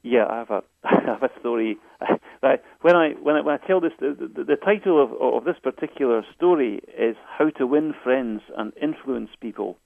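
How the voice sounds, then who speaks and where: A man's voice: mid-range voice, moderate pace, vocal fry, few pauses, no room sound. A man, a guest author, telling stories in a hesitant way, repeating and restarting his words often. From Scotland. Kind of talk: phone interview storytelling. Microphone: phone. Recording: tinny phone line.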